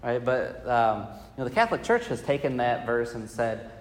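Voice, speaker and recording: A man's voice: mid-range voice, sing-song, normal speed. A man teaching a Bible study class, talking conversationally with many fillers and putting questions to the group. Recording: reverberant hall.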